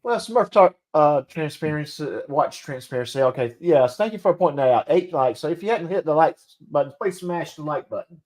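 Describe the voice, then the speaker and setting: An easygoing man chatting on a live stream, with a fairly high voice that rises and falls a lot. He laughs often between remarks. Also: lively intonation, fairly quick, a little mellow. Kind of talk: casual live-stream chat.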